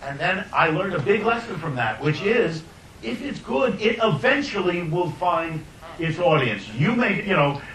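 An older man, a filmmaker, telling anecdotes in an animated way, often laughing and restarting his sentences. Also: a little slow. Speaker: filmmaker guest. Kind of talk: anecdotal storytelling. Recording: roomy distant mic, faint rumble.

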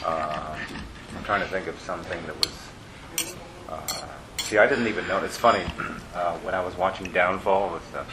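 With a low voice, lively intonation and a moderate pace, this interviewer muses his way through a casual chat about film. He's hesitant, often trailing off into fillers, while dishes clatter in the background.

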